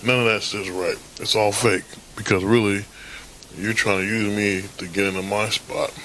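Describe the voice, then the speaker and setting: A man talks in a lowish voice, rambling through a solo podcast monologue. He is blunt and swears freely, with a faint hiss under the recording. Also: level tone, moderate pace, bright, forceful tone, rough recording. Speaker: podcast host. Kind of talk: casual monologue.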